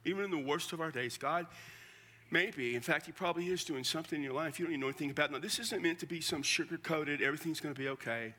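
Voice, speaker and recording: Older pastor, bright, conversational. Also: male voice, fairly high pitch, quick pace. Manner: conversational, emphatic, drops to a hush at emotional points. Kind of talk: sermon.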